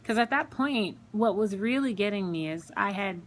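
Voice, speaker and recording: A woman's voice: medium pitch, animated, moderate pace, slight background noise. A woman sharing a personal faith testimony at home, in an earnest, conversational way with many fillers and repeated words. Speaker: Christian speaker sharing her testimony.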